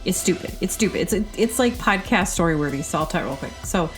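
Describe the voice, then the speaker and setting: Woman podcast host, lowish register, loose filler-heavy storytelling, faint music bed. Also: fast. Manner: chatty, filler-heavy with lots of "like"; animated, acts out quoted people. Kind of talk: casual rambling storytelling.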